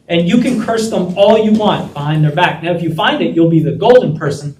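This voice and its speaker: A man telling a lively story to law students and acting out the dialogue as he goes. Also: sits high, a little fast. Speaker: guest speaker. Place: lecture room. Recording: echoey room from a distance.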